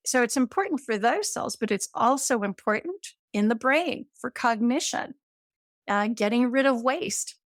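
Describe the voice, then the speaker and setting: A woman's voice: fairly high pitch, lively intonation, normal speed, no echo, studio quality. A woman in her fifties, a guest in an interview, explaining science with enthusiasm, checking in with "right?" and using everyday comparisons. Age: 50s.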